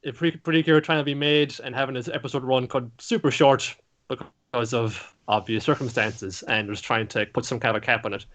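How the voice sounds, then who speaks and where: Man, mid-pitched, podcast co-host, casual rambling recap, profane and laughing, throws in quick character voices. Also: steady tone, fairly bright tone. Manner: loose and profane, breaks into laughter, acts out lines mid-story.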